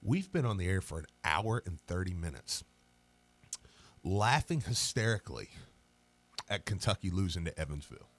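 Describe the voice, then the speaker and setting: Deep-voiced, lively radio co-host man. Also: moderate pace, long pauses. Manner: animated, laughing storyteller. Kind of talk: casual sports radio banter. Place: radio studio.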